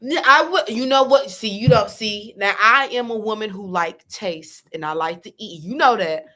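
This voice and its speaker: A woman co-hosting a casual chat show, chatty and quick to restart her sentences. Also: medium pitch. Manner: animated, chatty, restarts a lot. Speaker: podcast co-host.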